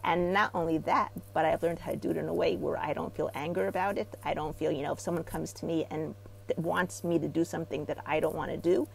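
A middle-aged woman from Israel, a therapy practitioner talking as an interview guest. She tells stories with animation and gets loud when she acts out what people say. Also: deep voice, quick pace, vocal fry, a little hiss or hum, low-quality recording. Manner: animated storyteller, rising loud when acting out quotes. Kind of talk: casual interview talk.

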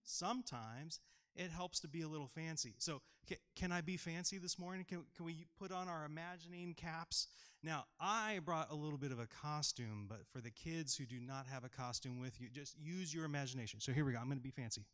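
Man pastor, children's sermon, slightly high voice, playful, asks the kids questions. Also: a little fast, fairly bright tone. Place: church.

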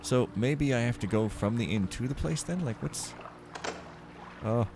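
A man's voice: mid-range voice, a little slow. A man giving rambling, wry commentary as he plays a game, with mumbled asides to himself. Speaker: game streamer. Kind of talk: casual let's-play commentary. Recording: game music heard clearly behind. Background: game music.

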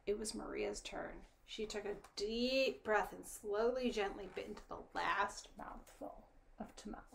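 A woman reading a children's storybook aloud, her narration soft and often dropping to a whisper. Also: medium pitch, unhurried, vocal fry, slight background noise.

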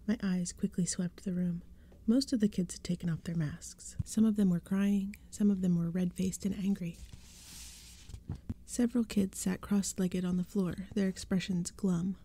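A woman giving a hushed, gentle narration in a soft-spoken ASMR reading of a spooky storybook. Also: on the low side, fairly even intonation, moderate pace, slight background noise.

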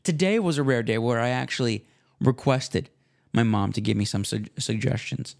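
A young man hosting his own podcast, talking casually in a rambling, self-deprecating way with slang and restarts, relaxed after smoking. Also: mid-range voice, normal speed, vocal fry. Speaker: podcast host. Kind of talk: casual solo podcast monologue.

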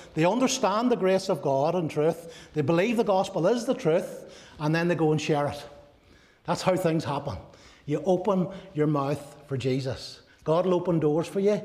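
A man delivering a sermon in a slightly high voice. He preaches earnestly and asks many rhetorical questions, then sinks to a soft, low tone on the key lines. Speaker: pastor.

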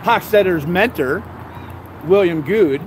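A man's voice: high voice, animated, takes it slowly, background noise. A man reading court papers aloud outdoors, stumbling over the words and breaking off with laughing, sarcastic asides. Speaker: vlogger.

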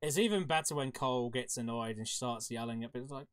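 A man's voice: medium pitch, fast, few pauses, no room sound, studio quality. A young man with a Black Country accent, casually bantering and swearing while streaming a game. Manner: crude, joking banter. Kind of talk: casual livestream chat.

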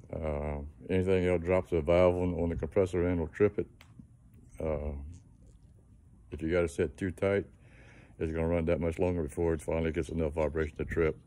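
A man's voice: sits low, little pitch movement, normal speed, pauses often, mellow. A man giving a casual how-to tip on engines, talking in a plainspoken, folksy way with frequent fillers. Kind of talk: casual how-to talk to camera.

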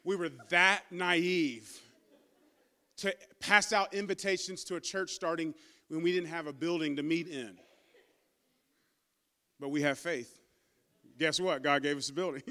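A man's voice: fairly high pitch, fairly even intonation, unhurried, pauses often, pushed and bright. A man pastor preaching a sermon, emphatic and calling out to his congregation, and stumbling over his words when emotional. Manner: stammers and repeats when emotional.

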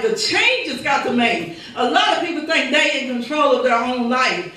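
A woman's voice: high voice, animated, normal speed, hardly any pauses, bright, forceful tone, a little hiss or hum. A woman pastor preaching a sermon with fervent, repetitive phrasing and rhetorical quotes, heard in a church sanctuary. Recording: echoey church recording from far off.

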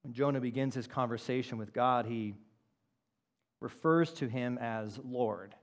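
A man preaching a sermon as pastor, moving from loud emphatic lines to quiet low asides and acting out quoted words. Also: a little slow. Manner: acts out the prophet's quoted words.

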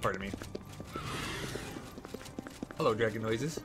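A man's voice: lowish voice, slow pace, over music. A young man livestreaming a video game, chatting casually and playfully, giggling and talking to the characters. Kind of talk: casual gameplay commentary.

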